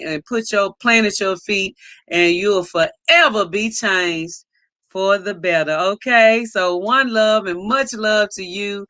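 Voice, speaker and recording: A woman hosting a casual livestream, greeting viewers by name with enthusiastic shout-outs. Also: mid-range voice, clear, resonant tone, dry recording. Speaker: livestream host.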